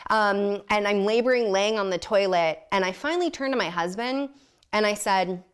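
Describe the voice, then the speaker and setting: A woman's voice: mid-range voice, normal speed, smooth. A woman guest on a podcast telling a personal story candidly, blunt and self-mocking, often laughing.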